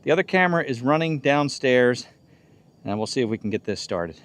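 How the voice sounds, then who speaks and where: A man talking through a do-it-yourself job as he goes, in a steady mid-range voice. He explains each step in plain words and thinks aloud about what to try next, like a relaxed home-repair host. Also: mid-range voice, brisk. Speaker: DIY channel host. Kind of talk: casual how-to narration.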